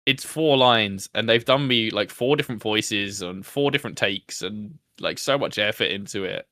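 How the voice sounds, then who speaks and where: A man's voice: fairly low pitch, normal speed, bright, forceful tone, no echo. A man, the host of a podcast, chatting casually about his show, self-deprecating and laughing often. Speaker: podcast host being interviewed. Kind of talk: casual chat.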